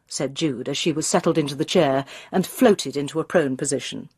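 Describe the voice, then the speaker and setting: A woman reading a mystery novel aloud in measured, expressive narration, close to the mic. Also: low voice, husky, no echo. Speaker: audiobook reader.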